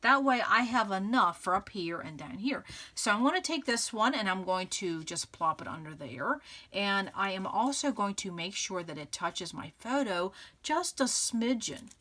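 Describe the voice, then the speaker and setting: A woman's voice: medium pitch, animated, moderate pace, sharp tone. A woman hosting a scrapbooking tutorial, chatting casually and upbeat as she works, laughing often and thinking aloud. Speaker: scrapbooking channel host. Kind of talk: casual crafting tutorial narration.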